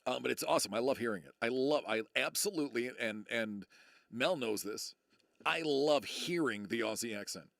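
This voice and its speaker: A middle-aged man from the United States chats casually on a live stream, wandering between thoughts and joking at his own expense. His voice sits at an everyday middle pitch. The sound is close and dry, with no room around it. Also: normal speed, vocal fry, fairly bright tone, no echo. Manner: rambling, self-deprecating, many fillers and restarts.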